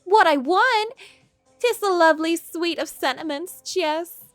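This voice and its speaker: A woman's voice: extremely high pitch, lively intonation, measured pace, fairly bright tone, no room sound, soft background music, pitched above the performer's own voice, full character voice. A woman voicing a quaint young magical girl in a put-on mock Scottish accent, with archaic, flowery and muddled phrasing. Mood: whimsical. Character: quaint young female magical girl with garbled old-fashioned talk.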